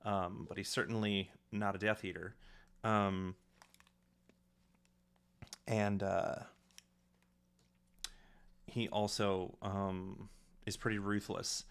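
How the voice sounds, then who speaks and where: Male director, low voice, casual stream commentary, halting with fillers. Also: fairly bright tone, clear, resonant tone. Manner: hesitant, many fillers, dictates a message aloud.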